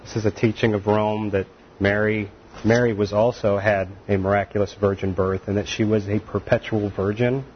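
A man's voice: on the low side, little pitch movement, moderate pace. Man, sermon, folksy and laughing, slightly muffled sound, faint room noise. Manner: folksy, laughs often, acts out quoted voices. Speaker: pastor.

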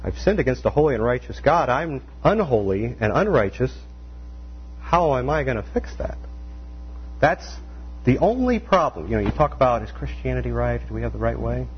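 A man preaching a conversational sermon, animated, full of rhetorical questions and acted-out quotes. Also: mid-range voice, normal speed. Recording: dull lo-fi sound with faint mains hum.

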